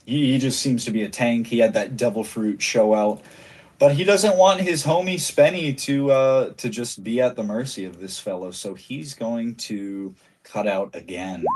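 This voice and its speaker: A man runs a tabletop role-playing game as game master, narrating in a casual, playful way. He chuckles easily and talks at a mid pitch. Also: normal speed, a little mellow.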